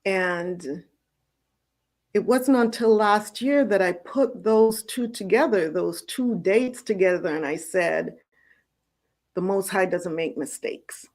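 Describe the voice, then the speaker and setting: A middle-aged woman host telling her personal faith story in an earnest, storytelling way, with soft laughs now and then. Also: medium pitch, takes it slowly. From United States. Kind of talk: personal testimony.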